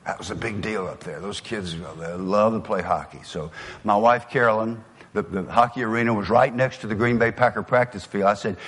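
A man's voice: lowish voice, fairly quick, breathy edge. An older man, a former football coach, giving an earnest motivational speech full of personal stories. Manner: earnest, storytelling, drops soft for emotional moments. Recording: long hall reverb.

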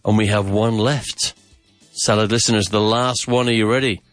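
A man's voice: fairly low pitch, fairly even intonation, normal speed, dry recording, soft background music. A man hosting a podcast grammar lesson, repeating phrases, drilling questions and dropping in Spanish asides with enthusiasm. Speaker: English teacher and podcast host.

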